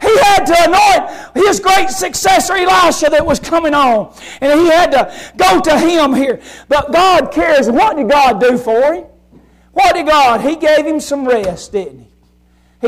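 A man with a strikingly high voice preaches a fervent sermon. He swings from shouting down to a near hush, and keeps asking his listeners rhetorical questions. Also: measured pace, poor audio. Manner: fervent, swinging from loud shouting to hushed quiet; asks the congregation rhetorical questions.

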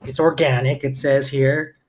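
A man co-hosting a relaxed chat show, tasting snacks and cracking crude jokes. He swears freely in an easygoing way. His voice sits at an ordinary middle pitch. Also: a little slow, a little hiss or hum. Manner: crude, joking, swears casually. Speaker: podcast co-host. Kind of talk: casual chat, taste-testing snacks.

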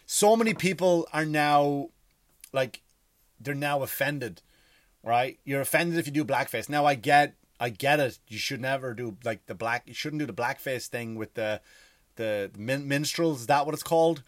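Irish man on a profane, animated rant. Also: mid-range voice, normal speed, no echo. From Ireland. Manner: profane, animated, full of rhetorical questions. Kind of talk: casual ranting monologue.

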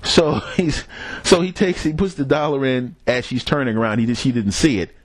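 A man's voice: medium pitch, moderate pace, dry recording. A man hosting a podcast, telling a rambling, profane story in a casual solo monologue and chuckling at his own jokes. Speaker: podcast host.

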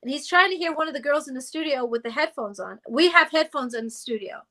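A middle-aged woman, a former girl group singer, telling animated stories in a casual interview and acting out the people she quotes. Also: high-pitched, fast talker. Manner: animated storyteller who acts out quotes and sings notes.

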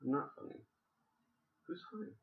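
A man's voice: normal speed, narrow, tinny audio. A man hosting a casual podcast chat, rambling and joking with lots of fillers and restarts. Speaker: podcast host.

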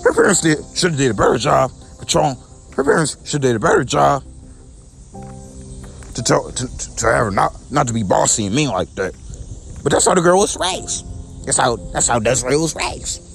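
A young man delivers a personal rant to camera, circling back over the same complaints with frequent restarts. His voice is gravelly, and his pitch swings up and down with feeling. Soft music plays faintly behind him. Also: big pitch swings, brisk. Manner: repetitive and aggrieved, with many restarts. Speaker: vlogger.

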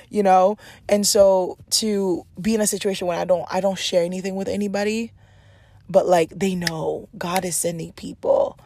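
Animated young woman, dry close sound. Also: on the low side, dry recording. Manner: rapid, animated, confiding. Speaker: podcast host. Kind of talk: personal diary podcast.

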